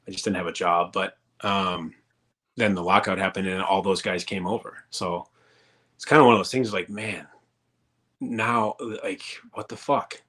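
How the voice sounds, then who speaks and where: A man's voice: deep voice, steady tone, normal speed, a bit bright. A man in his thirties, a former pro hockey player, telling rambling, profane stories in a casual interview. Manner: rambling and profane, many fillers.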